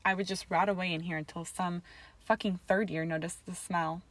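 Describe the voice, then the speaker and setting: A guarded young wizard snaps out harsh, cynical lines as a woman reads him aloud. His voice sits a little low and stays clipped and hostile. This is a storybook reading. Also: fairly even intonation, normal speed, lightly acted. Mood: bitter.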